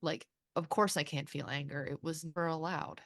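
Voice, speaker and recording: A woman hosting a podcast, talking candidly and swearing freely, with halting restarts. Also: low-pitched, fairly even intonation, no echo, clean studio sound. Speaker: podcast host. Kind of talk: candid therapy-style conversation.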